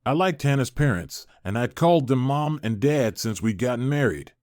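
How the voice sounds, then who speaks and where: A man's voice: mid-range voice, lively intonation, normal speed, darkish tone, no room sound, studio quality. Man narrating a dramatic story. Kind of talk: scripted first-person story narration.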